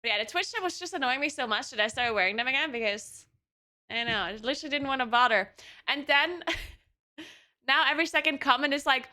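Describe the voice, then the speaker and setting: A woman live streamer talks casually to her viewers from home, her cats nearby. Her voice is bright and a little high, and she laughs often as she chats. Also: animated, brisk. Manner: chatty, laughs often between remarks.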